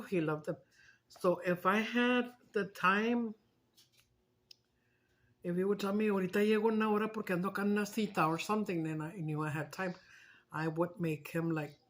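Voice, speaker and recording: Chatty woman with a lowish voice. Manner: chatty, emotional, mixes in Spanish and swears. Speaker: mukbang vlogger. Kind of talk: casual storytelling chat.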